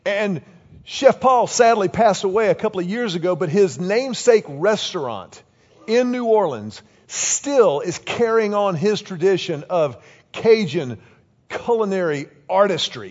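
A man's voice: high voice, long reverb tail, lo-fi sound. A man in his fifties preaching a sermon, telling stories and calling on the congregation to respond. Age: 50s. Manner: storytelling, animated, tells the congregation to repeat lines. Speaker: pastor.

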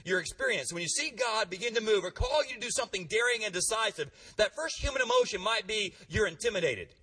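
Animated high-voiced preacher. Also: male voice, fast, slightly rough, distant mic. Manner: energetic, calls on the congregation to respond. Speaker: pastor. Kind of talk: sermon. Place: church.

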